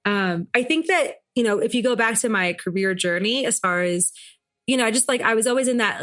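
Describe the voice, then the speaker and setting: A woman's voice: on the low side, brisk, fairly bright tone. A woman in her thirties, a business founder talking as a podcast guest in a chatty, playful way with plenty of fillers. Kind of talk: casual interview chat.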